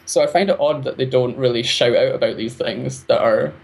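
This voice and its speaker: A man's voice: medium pitch, brisk, vocal fry, husky. A man chatting as an interview guest, talking freely and laughing often between points. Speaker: guest, arts project creator. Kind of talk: casual interview chat.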